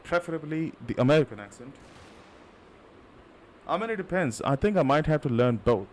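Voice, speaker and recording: A man's voice: a little high, lively intonation, normal speed, darkish tone, slight background noise. Chatty Indian man rambling on stream. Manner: chatty, rambling, many fillers and restarts. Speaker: livestreaming gamer. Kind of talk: casual live-stream chat.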